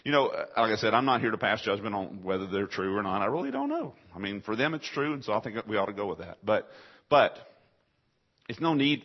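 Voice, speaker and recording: A man preaching a sermon, asking rhetorical questions and answering them himself, moving between hushed low stretches and loud, high, emphatic lines. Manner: dramatic swings between soft low passages and loud high rising questions; rhetorical call-and-response questions to the congregation. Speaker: pastor. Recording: dull lo-fi sermon recording.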